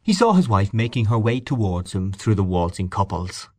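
A low-voiced man narrates a literary story at a measured pace. His pitch rises and falls widely through the sentences. The recording is close and dry. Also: no room sound. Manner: measured, expressive literary reading. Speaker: audiobook narrator. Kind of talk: scripted narration.

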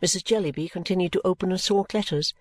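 Female audiobook reader, lowish voice, even narration, dry close sound. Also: fast, no room sound. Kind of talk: classic novel narration.

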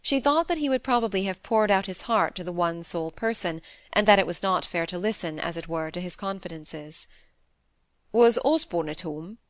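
Calm woman narrating a classic novel. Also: on the low side, brisk, hardly any pauses, dry recording. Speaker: audiobook narrator.

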